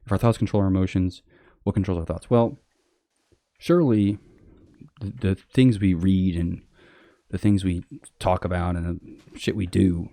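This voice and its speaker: A man rambles through a blunt, casual monologue in a low, mellow voice, full of fillers and the odd curse. He jumps into high, sarcastic voices to mock other people. The sound is dry and close. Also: fairly even intonation, normal speed, dry recording. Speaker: podcast host.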